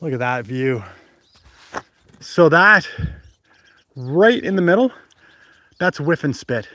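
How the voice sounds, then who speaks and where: A man's voice: fairly high pitch, expressive, slow pace, sharp tone. A man chatting on a livestream while hiking up a mountain trail outdoors, rambling and laughing, short of breath from the climb, talking into a phone at arm's length. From Canada. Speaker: hiking vlogger and livestream host. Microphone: phone held at arm's length.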